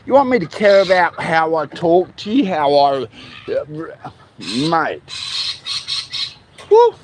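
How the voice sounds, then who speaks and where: A man of forty with an Australian accent rants at home, his voice pitched a little high and his words dragged out slowly. He swears constantly and sounds bitter, and a pet bird squawks through steady background noise. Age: 40s. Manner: bitter, heavily profane ranting. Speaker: vlogger. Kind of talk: venting monologue.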